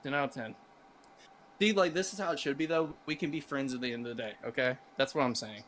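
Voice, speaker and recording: A man's voice: mid-range voice, fast, fairly bright tone, a little hiss or hum. A man arguing as a guest in a live debate, rambling and hedging with fillers.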